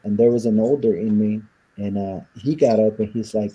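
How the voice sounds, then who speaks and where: A man from Southern California speaks as an interview guest in a very dark, mellow voice with a husky edge. He tells his story bluntly and with rough language, and he acts out the lines of the people in it. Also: on the low side, fairly even intonation, normal speed, highs cut off.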